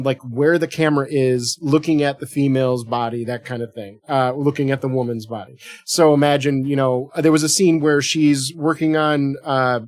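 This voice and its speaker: A man co-hosting a podcast, chatting casually about a film in an animated, joking and profane way. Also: medium pitch, no room sound. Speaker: podcast co-host.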